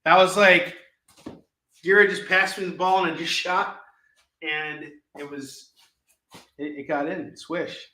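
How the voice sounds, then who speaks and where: A man's voice: on the high side, steady tone, slow, pauses often, sharp tone. A man in his forties hosting a live shopping show, selling comics with jokey sales patter, goofy asides and frequent laughs. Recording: echoey room.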